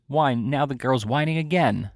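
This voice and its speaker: A man's voice: medium pitch, moderate pace, no room sound, studio quality, pitched above the performer's own voice, lightly acted. A man reading aloud, voicing a surly, violent sick man who growls and snaps impatiently.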